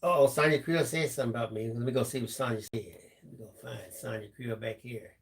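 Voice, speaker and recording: A man's voice: medium pitch, steady tone, quick pace. Easygoing man reading out stream chat. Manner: easygoing, reads viewer comments aloud, turns reflective. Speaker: live-stream co-host reading viewer chat. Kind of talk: casual live-stream chat.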